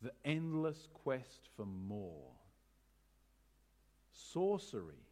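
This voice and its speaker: A man preaching a sermon as pastor, animated, asking rhetorical questions with wry humor. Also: medium pitch, extremely slow.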